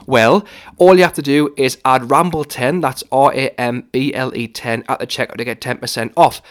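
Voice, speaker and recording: A man's voice: mid-range voice, steady tone, moderate pace, no room sound, clean studio sound. A young man with a Geordie accent, hosting a podcast in a chatty, rambling way with lots of fillers. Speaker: podcast host. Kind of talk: casual podcast chat.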